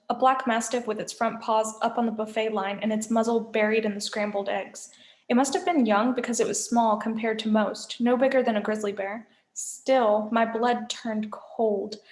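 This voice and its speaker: A woman, a teacher, reading a novel aloud with expressive storytelling. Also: fairly high pitch. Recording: echoey room.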